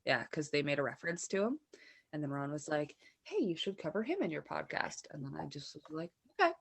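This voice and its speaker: Podcast co-host, woman, low gravelly voice, casual storytelling with laughs. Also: sing-song, fairly quick. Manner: laughs often, narrates true crime casually.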